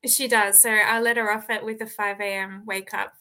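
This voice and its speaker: A woman's voice: medium pitch, level tone, moderate pace, pushed and bright. A young Australian woman, an author being interviewed, who talks in a bubbly way and laughs often. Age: young adult. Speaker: author and guest. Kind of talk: casual interview.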